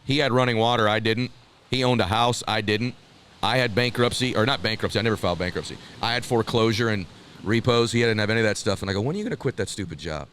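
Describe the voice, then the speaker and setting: Bright-voiced man telling a wild story. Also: lowish voice, quick pace, slight background noise. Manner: excited, laughing, calls the listener brother and dude. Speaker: guest telling a personal story. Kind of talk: animated storytelling.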